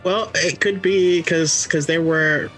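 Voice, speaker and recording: A man's voice: fairly high pitch, fairly even intonation, takes it slowly, a bit bright, faint music behind. A man co-hosting a podcast, eagerly explaining lore and correcting himself as he goes. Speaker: podcast co-host. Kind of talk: casual chat.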